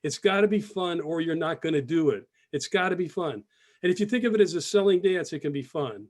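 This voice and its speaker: Slightly high, animated, a little fast, and a little mellow, this man's voice leads a casual live sales webinar. The business mentor stays chatty and upbeat, repeating phrases and reading the chat aloud through his computer mic.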